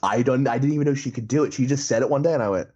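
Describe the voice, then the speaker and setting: A man's voice: mid-range voice, racing, darkish tone. A man co-hosting a podcast in casual chat, rambling, laughing and restarting his sentences, recorded over a remote call. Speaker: podcast co-host. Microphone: remote call mic. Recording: lo-fi online call audio.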